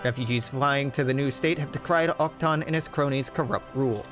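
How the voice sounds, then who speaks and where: A young game streamer reads game event text aloud, breaking off into wry, joking asides between the read-out passages. His mid-range voice is steady and brisk, and music plays in the background.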